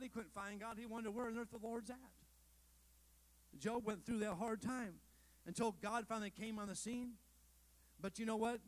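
A male pastor preaches in a high-pitched voice, captured on a low-quality recording. He keeps the sermon conversational, posing rhetorical questions, making asides, and joking at his own expense for the congregation.

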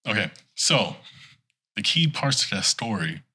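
A man with a slightly low, bright, forceful voice and a husky edge. He spins a rambling, playful tale in relaxed podcast chat. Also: a little slow. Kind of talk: casual chat.

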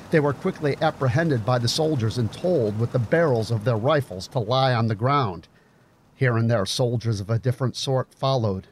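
Man narrating a grave story, mid-pitched. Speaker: audiobook narrator. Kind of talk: scripted narration.

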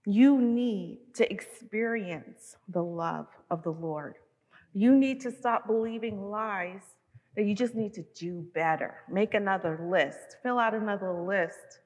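A woman in her fifties giving a conversational sermon to mothers, telling stories with lively, relatable asides. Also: mid-range voice. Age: 50s. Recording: long hall reverb.

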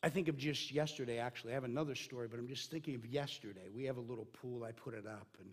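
A man's voice: mid-range voice, fast talker, husky. A man preaching a sermon in a conversational way, with many fillers and restarts. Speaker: pastor.

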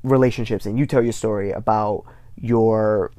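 A man's voice: lowish voice, steady tone, normal speed, dark tone, no room sound. Laughing man in casual chat. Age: adult, married and divorced. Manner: laughs often, talks in rambling restarts. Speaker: podcast co-host.

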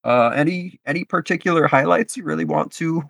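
A man's voice: fairly high pitch, a little fast, vocal fry, a bit bright, no room sound, studio quality. A man co-hosting a casual chat, easygoing and jokey. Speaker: podcast co-host.

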